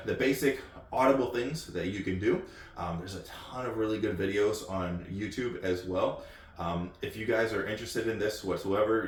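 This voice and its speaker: A low-voiced American man hosts his channel in a loose, off-the-cuff ramble, full of ums and repeated words. He sits some way from the mic in a room with a lot of echo. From United States. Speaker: channel host. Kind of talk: casual off-the-cuff talk. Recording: echoey room, distant mic.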